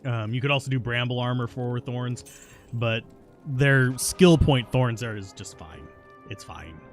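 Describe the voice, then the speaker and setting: In an unhurried, mid-range voice, a man chats casually while streaming a video game live and answers his viewers' questions between plays. He's stubborn and pokes fun at himself. Faint music plays in the background.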